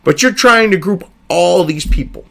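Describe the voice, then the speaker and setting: Guy ranting over an article he's reading, swears a lot, sarcastic, voice jumps all over, kinda high. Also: lively intonation, normal speed, gravelly, pushed and bright. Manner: profane, sarcastic and exasperated. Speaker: political commentary host.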